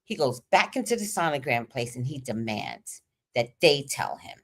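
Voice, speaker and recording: Animated woman with a lively voice. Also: extremely low pitch, moderate pace, breathy edge. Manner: animated, swinging between loud emphasis and hushed asides, profane. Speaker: livestream host. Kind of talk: candid personal storytelling.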